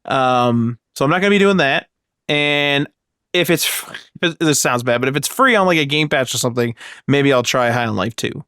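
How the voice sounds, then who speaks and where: A man's voice: medium pitch, animated, moderate pace, fairly bright tone, smooth, no echo, clean studio sound. A man casually chatting about video games on a podcast, rambling with lots of fillers. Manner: rambling, filler-heavy, acts out voices when retelling. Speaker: podcast co-host.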